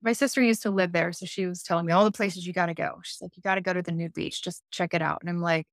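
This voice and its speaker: A woman, an intuitive life coach, telling a story in a casual podcast interview, animated and acting out her own inner voices, laughing often. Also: fairly low pitch, fast talker, creaky, no room sound, clean studio sound.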